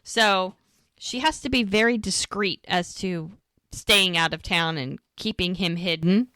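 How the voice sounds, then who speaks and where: A woman co-hosting a rewatch podcast, casually retelling scenes and quoting the characters in quick bursts. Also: fairly low pitch, dry recording, clean studio sound. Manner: chatty, quotes characters in quick lively bursts. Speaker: podcast co-host recapping episodes.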